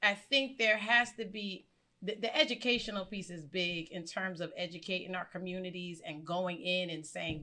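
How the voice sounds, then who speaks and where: Bright woman teacher on a panel, earnest, tells stories with quotes. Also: on the low side, moderate pace. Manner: earnest, storytelling, animated quotes. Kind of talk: personal panel talk.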